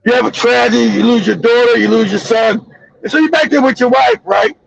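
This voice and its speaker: Stream host, man, very high gravelly voice, loud animated profane rants. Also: brisk, dull audio. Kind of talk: live stream commentary.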